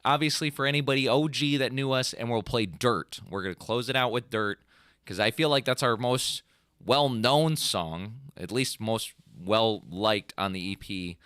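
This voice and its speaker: A man's voice: mid-range voice, moderate pace, smooth, no echo. Young male co-host with a mid-range voice and a dry sound, rambling in casual chat and humming riffs as he talks. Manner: rambling and animated, full of "like", mimics riffs with "bum" and "dun" sounds. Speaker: podcast co-host and band singer.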